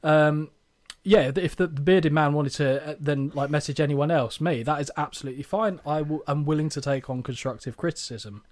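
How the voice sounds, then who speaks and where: A man's voice: on the high side, fairly quick, hardly any pauses, darkish tone, no room sound. A man hosting a podcast, recapping with wry, sarcastic jokes. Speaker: podcast host. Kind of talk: comedic recap podcast chat.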